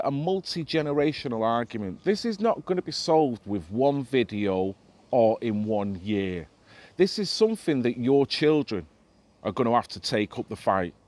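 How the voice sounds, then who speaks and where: A man's voice: a little high, darkish tone. A middle-aged man ranting emphatically to camera in a vlog, swearing freely. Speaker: vlogger. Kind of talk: impassioned monologue to camera.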